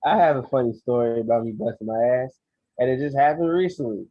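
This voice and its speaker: A man co-hosting a podcast, telling an animated, profane story and acting out his own lines. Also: mid-range voice, fairly quick. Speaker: podcast co-host. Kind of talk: casual storytelling chat. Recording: dry, dull lo-fi sound.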